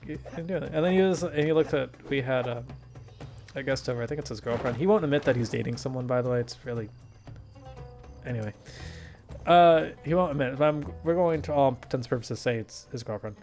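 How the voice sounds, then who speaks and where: A man's voice: mid-range voice, fast, a little mellow, soft background music. A young man hosting a gaming video, telling rambling stories in casual chat, swearing and laughing often. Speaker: gaming channel host. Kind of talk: casual chat over gameplay.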